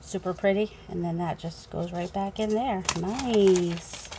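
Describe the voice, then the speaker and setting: A woman's voice: mid-range voice, measured pace, noisy background. A woman with a New England accent chatting casually as she unboxes craft supplies at home, thinking aloud, recorded on a phone. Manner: chatty, rambling, thinking aloud with many fillers. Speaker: crafting channel host.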